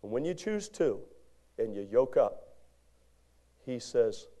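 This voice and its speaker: Pastor guy preaching in church, voice jumps all over, loud then quiet, eggs the crowd on. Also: mid-range voice, slow pace. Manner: animated preaching, shouting peaks and hushed drops; call-and-response exhortation to congregation. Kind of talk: sermon. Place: church sanctuary.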